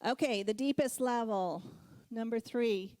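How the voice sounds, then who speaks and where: A middle-aged woman speaks from the pulpit in a fairly high, mellow voice, recounting a personal story with frequent laughs. The sound is dry and close, with no room echo. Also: unhurried, clean tone. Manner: storytelling, laughs often, animated when recounting. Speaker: guest speaker. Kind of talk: sermon.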